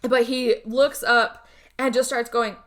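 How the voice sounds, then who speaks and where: A woman's voice: a little high, takes it slowly. Chatty woman recapping a film plot. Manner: lively retelling, acting out characters' lines, swearing. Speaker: podcast co-host. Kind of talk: casual movie recap chat.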